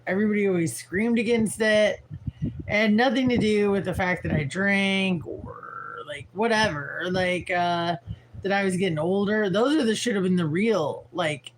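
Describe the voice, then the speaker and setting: A tired woman from St. Louis in the Midwest rambles frankly through a livestream as a vlogger, swearing casually and leaning on fillers. Her mid-range voice moves at a moderate pace over a noisy background.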